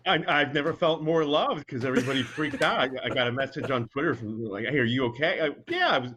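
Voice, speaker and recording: A man's voice: mid-range voice, fast talker, a bit bright, a little hiss or hum. A man joining remotely as a guest handicapper, friendly and stammering with repeated words. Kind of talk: casual sports betting talk. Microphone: remote call over the internet.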